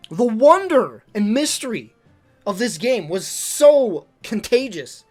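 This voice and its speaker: Excitable streamer rambling about games, trips over words; lively voice swinging up and down over soft background music. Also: medium pitch. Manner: gushing, excitable, stumbles and repeats words. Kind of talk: casual livestream talk ranking games.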